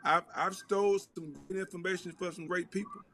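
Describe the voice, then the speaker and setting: A man's voice: high-pitched, fairly even intonation, a little fast. A man, a coach appearing as a guest on a sports talk show, speaking emphatically and repeating himself. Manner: emphatic, repeats words, trails off softly.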